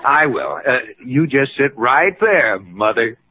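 An actor playing a flustered, doting young husband in an old radio sitcom, excitable and stammering. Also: male voice, medium pitch, takes it slowly. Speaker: expectant husband. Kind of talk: 1940s radio sitcom acting. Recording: tinny old radio broadcast with hiss and audience laughter.

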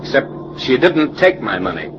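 Jittery businessman, man acting, lively pitch, hissy lo-fi vintage radio. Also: normal speed, natural voice. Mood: worried. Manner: anxious, jittery. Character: nervous businessman inventor, middle-aged. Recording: lo-fi old radio with hiss.

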